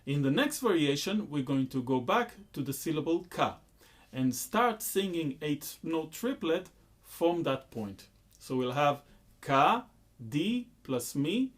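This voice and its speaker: A man teaching a rhythm lesson, explaining slowly and chanting loud rhythm syllables. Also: fairly high pitch, animated. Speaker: music teacher.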